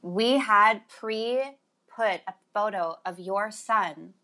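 A woman improvising a comic co-pitcher, upbeat and salesy. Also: slow, bright, forceful tone. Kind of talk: improvised comedy.

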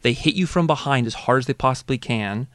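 A man chatting casually and telling a story with animated delivery, acting out the voices of the people in it. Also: mid-range voice, brisk, no room sound. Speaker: storyteller guest. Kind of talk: casual chat.

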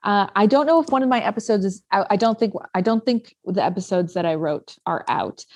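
A woman's voice: medium pitch, animated, brisk, darkish tone, no echo. A woman guest telling a story in a casual podcast chat, talking with lots of fillers and restarts. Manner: chatty storyteller, many fillers.

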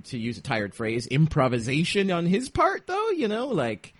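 Lively male podcast host. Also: on the high side, a crowd in the background. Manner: reactive, laughs often, quick interjections. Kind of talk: casual interview chat.

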